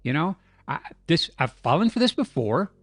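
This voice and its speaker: A man's voice: a little high, sing-song, normal speed, dry recording. A man doing a grumpy, put-upon Bigfoot. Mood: grumbling. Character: grumpy male Bigfoot, weary and reluctant hero.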